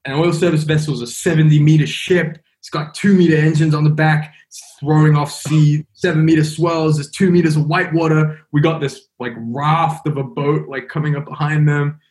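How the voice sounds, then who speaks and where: A man's voice: on the high side, flat delivery, moderate pace, hardly any pauses, a little mellow. A young man, a podcast guest, telling a story casually and rambling with many fillers. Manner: rambling, full of "like" and "you know".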